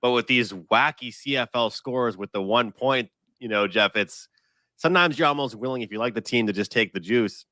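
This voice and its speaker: A man appearing as a sports betting guest who talks in a chatty way and tells stories with quick asides. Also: mid-range voice, pushed and bright, dry recording. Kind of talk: casual sports betting chat.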